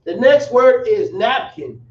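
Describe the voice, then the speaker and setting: A man teaching a language lesson, spelling words out slowly with casual slang asides. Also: extremely high pitch, animated, a little hiss or hum. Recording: roomy, dull, from a distance.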